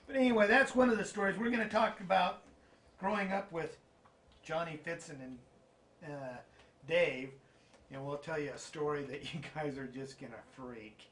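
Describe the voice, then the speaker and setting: A man with a somewhat high voice hosts a casual chat and eagerly retells a family story. He laughs often and keeps nudging his father to tell the next part. A faint background noise runs underneath. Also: normal speed, fairly bright tone. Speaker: channel host.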